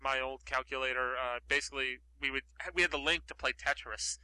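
A man's voice: medium pitch, fairly even intonation, a little fast, sharp tone, clean tone, rough recording. A man co-hosting a podcast in casual chat, rambling with lots of fillers. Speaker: podcast co-host.

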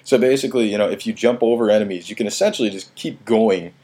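Deep-voiced male guest, casual podcast chat, relaxed, lots of "you know". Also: fast, breathy edge.

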